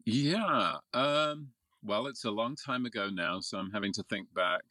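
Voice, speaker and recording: A man's voice: fairly low pitch, a little slow, sharp tone, no room sound. A middle-aged man from England, a voiceover artist, chatting casually in an interview, self-deprecating and laughing often.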